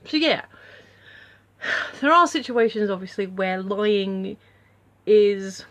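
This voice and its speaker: A woman's voice: medium pitch, lively intonation, takes it slowly, a bit bright. A woman talking casually to camera at home in a vlog, rambling through her thoughts with lots of fillers and restarts. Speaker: vlogger.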